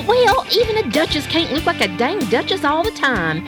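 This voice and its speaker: A woman's voice: extremely high pitch, big pitch swings, moderate pace, hardly any pauses, over music. A woman acting as a vain, chatty sports correspondent in a comedy radio sketch.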